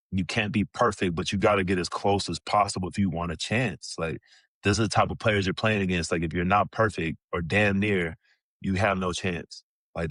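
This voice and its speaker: Brief: low-pitched man in his 30s, loose swearing storyteller, dry close sound. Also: no room sound. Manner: profane, animated storyteller, many "bro" and "like" fillers. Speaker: podcast guest, former pro basketball player. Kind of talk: casual storytelling.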